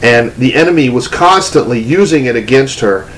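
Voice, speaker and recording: Male preacher, mid pitch, casual storytelling teacher, chatty delivery. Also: animated, normal speed, fairly bright tone, a little hiss or hum, poor audio. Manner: conversational storytelling with restarts and fillers. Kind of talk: testimony-style teaching talk.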